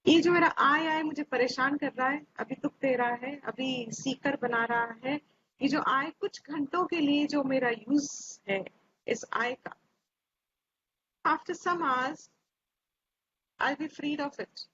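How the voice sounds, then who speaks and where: A woman teaching scripture slowly and reflectively, repeating her phrases, over a video call. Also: high voice, a bit bright. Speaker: Vedanta teacher. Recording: dull lo-fi audio with faint hiss.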